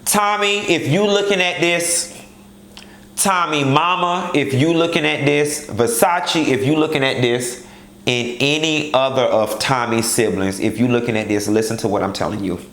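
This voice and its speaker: A man's voice: medium pitch, moderate pace, a bit bright, reverberant. A man giving candid, blunt commentary on a reality show and speaking straight to its cast in a sassy manner.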